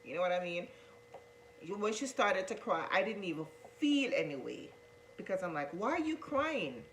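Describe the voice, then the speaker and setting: A woman recounts her story straight to the camera in an earnest, repetitive way, often turning to her viewers as guys. Her voice sits on the low side. A faint hum runs under the recording. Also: animated, moderate pace, fairly bright tone, low-quality recording. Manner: earnest, repeats herself, addresses viewers as guys. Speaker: vlogger telling her coming-out story.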